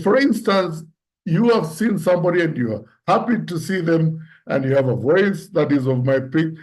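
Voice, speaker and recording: A man giving an instructive talk on public speaking, explaining points deliberately and acting out example lines to show tone. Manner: deliberate, demonstrates pitch and tone examples aloud.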